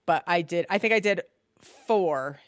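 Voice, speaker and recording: A woman with a fairly low voice talks through a TV series in casual chat, animated and chatty. She sometimes bursts into loud, exasperated asides. The sound is dry and close to the mic. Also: a little slow, no room sound. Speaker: podcast co-host.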